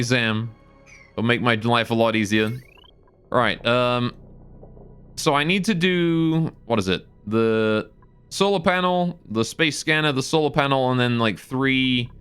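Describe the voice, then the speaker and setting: A man's voice: medium pitch, fairly bright tone, clear, resonant tone. Man thinking aloud over a game. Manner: thinking aloud, answering chat. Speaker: game streamer. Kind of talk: live gameplay stream chat.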